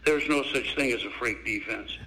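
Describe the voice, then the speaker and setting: In a rough recording, an older ex-basketball coach with a creaky, mid-range voice speaks at normal speed. During the interview he tells lively stories and acts out the people in them through quoted voices.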